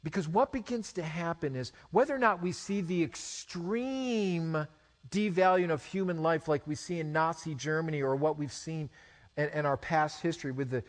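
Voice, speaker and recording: A man in his forties preaching a sermon, animated, with rhetorical questions and stammered restarts. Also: on the high side, moderate pace. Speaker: pastor.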